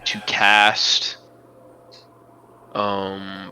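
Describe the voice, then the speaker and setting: A man narrates a tabletop battle as game master, with a bright, forceful edge to his voice. His pitch sits a little low. He tells the story dramatically and often drops to a hush. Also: steady tone, drawn-out words, poor audio.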